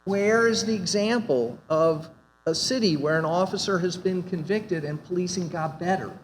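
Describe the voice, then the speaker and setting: Man panelist, higher-pitched, emphatic rhetorical delivery, reverberant hall with faint noise. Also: normal speed. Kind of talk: academic panel talk. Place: conference hall.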